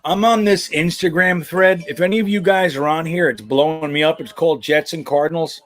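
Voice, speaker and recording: A man's voice: on the high side, fairly quick, fairly bright tone, dry recording. A man hosting a casual live stream, rambling and joking with plenty of swearing. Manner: rambling, profane, jokey. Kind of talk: casual live-stream chat about football.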